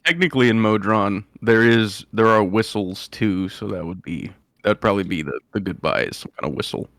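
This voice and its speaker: A man running a tabletop game as game master, measured and matter-of-fact, over an online voice call. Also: fairly low pitch, expressive, a bit bright, no echo, clean studio sound.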